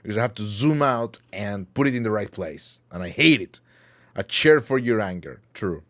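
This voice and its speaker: Male livestream host with a lowish voice, rambling and jokey, fakes anger for laughs. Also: lively intonation, normal speed, a bit bright. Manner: playful, rambling, mock-angry banter with chat. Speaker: talk show host. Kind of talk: casual livestream chat.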